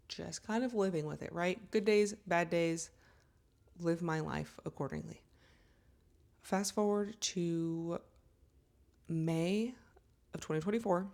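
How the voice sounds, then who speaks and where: Woman vlogger, thirties, lower voice, animated, self-mocking storyteller. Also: slow pace, long pauses. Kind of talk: casual storytelling to camera.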